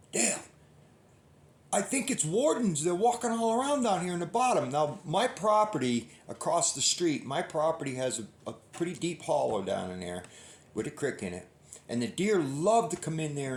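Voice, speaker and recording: A middle-aged man spins a long folksy story, looping back and restarting his sentences as he goes. His voice sits at an ordinary pitch. The room around him adds a noticeable echo. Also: slight background noise. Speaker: hunting channel host. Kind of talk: casual rambling storytelling. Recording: roomy echo.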